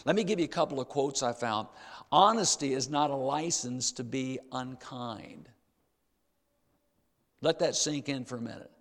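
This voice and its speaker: Older man, preacher, emphatic sermon, gravelly voice, long hall reverb. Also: medium pitch, moderate pace, long pauses. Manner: emphatic, repeats key phrases, addresses the congregation directly.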